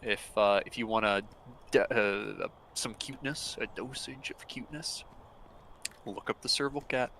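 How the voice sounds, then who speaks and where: A man's voice: fairly low pitch, unhurried, gravelly, a bit bright, a little hiss or hum, rough recording. A man chatting casually while streaming a game, rambling and easygoing with lots of fillers. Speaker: gaming streamer. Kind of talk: casual chat while gaming.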